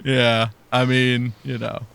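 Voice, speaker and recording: A man's voice: medium pitch, little pitch movement, slow, vocal fry, fairly bright tone, a little hiss or hum. A man hosting a casual podcast chat, joking and teasing his co-hosts in a laid-back way. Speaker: host and producer.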